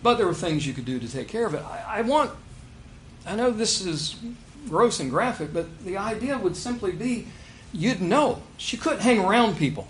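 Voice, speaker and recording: A man with a fairly high voice preaches a sermon. He swings between loud, emphatic lines and hushed asides, and keeps asking his listeners rhetorical questions. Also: animated, moderate pace, slight background noise.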